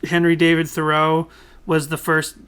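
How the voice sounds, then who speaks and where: A young man co-hosting a podcast in casual chat, rambling at length, talking loudly and laughing often. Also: a little high, monotone, moderate pace, clean tone. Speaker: podcast co-host.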